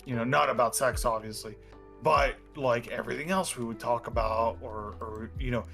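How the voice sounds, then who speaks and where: A man's voice: medium pitch, moderate pace, gravelly, a bit bright, faint music behind. A man talking casually as a guest, rambling and stammering through restarts. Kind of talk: casual chat.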